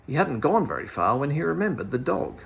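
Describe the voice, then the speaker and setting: Brief: male reader of children's stories, gravelly and husky, very lively pitch. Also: fairly quick. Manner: animated, expressive storytelling. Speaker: storybook reader. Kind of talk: children's story read-aloud.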